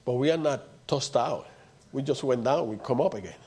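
A man's voice: mid-range voice, moderate pace, darkish tone, breathy edge. A man preaching a sermon, repeating his points and building to emphatic outbursts.

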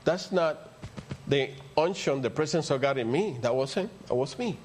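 A man's voice: a little high, lively intonation, normal speed, darkish tone. An older man with a Spanish accent, a native Spanish speaker, preaching a rambling, story-filled sermon that builds to emphatic peaks. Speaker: pastor.

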